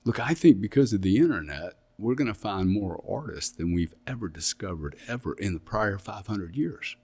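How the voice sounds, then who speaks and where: Middle-aged English man, very low voice, blunt and emphatic, guest in a casual interview. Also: darkish tone, slightly rough. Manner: blunt, emphatic, repeats himself.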